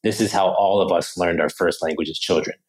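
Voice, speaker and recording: Brief: man, low voice, podcast guest, lively demonstrative explainer. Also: a little fast, rough recording. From Pennsylvania, USA. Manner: animated, acts out phrases in other voices. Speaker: podcast guest, language teacher. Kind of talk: casual interview talk.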